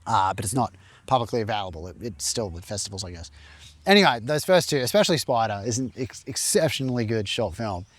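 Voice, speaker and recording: A man with an Australian accent rattles through his thoughts at a quick clip, circling back and correcting himself as he goes. It's relaxed vlog talk, recorded close and dry with no room sound. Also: fairly low pitch, dry recording. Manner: thinking out loud, rambling with self-corrections. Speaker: filmmaker and film teacher.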